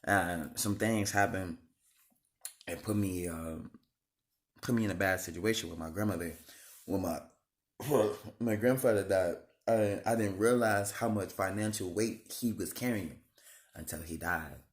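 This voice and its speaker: A man in his thirties telling his life story to camera, halting and rambling with many restarts and blunt swearing. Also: low-pitched. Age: 30s. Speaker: vlogger.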